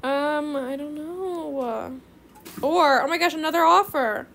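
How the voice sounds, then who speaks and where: Excitable teen girl creator, high voice with fry, chatty gameplay commentary. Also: slow pace, slight background noise. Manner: calls viewers bestie. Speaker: gaming video creator.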